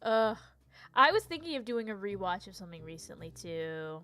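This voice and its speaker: A young woman streamer with a mid-range, sing-song voice sounds bright and forceful at a moderate pace, with soft music in the background. She's chatting casually and ranting animatedly about TV shows during a live stream, laughing and tripping over her words.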